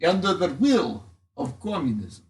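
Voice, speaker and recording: A man voicing a grandiose male space politician with a put-on Russian accent, giving slow, pompous speeches. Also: high-pitched, sing-song, a little mellow, reverberant, recorded from a distance. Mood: rousing.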